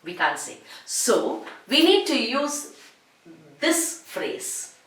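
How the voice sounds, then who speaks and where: A woman teacher talks through a grammar lesson at an unhurried pace. Her voice rises and falls widely as she stretches out each example. The sound carries a noticeable room echo. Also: on the high side, very animated, a bit bright. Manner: slow, drawn-out phrases, repeats each example form. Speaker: English teacher. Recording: echoey room.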